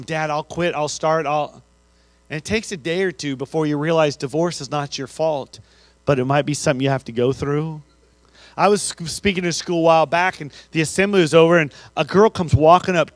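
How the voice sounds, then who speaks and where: A man's voice: a little high, brisk, no room sound. Man giving a storytelling assembly speech. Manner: storytelling, swings from loud to hushed. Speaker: school assembly speaker. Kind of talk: motivational speech to students. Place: school gym assembly.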